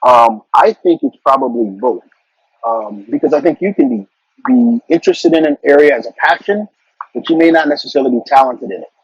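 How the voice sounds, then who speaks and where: A middle-aged man speaks in a husky, breathy voice, earnest and advice-giving, and often repeats words as he goes. The sound is dry and dull, like a lo-fi recording. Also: mid-range voice, very animated, brisk, dry recording. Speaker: interview guest, corporate marketing executive. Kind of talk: casual conversational interview.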